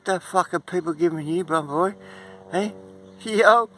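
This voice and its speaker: A young man talking casually and affectionately to wild birds outdoors, swinging between a high sing-song and hushed whispers. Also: fairly even intonation, normal speed, slight background noise. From Australia. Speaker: vlogger. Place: outdoors near a fence.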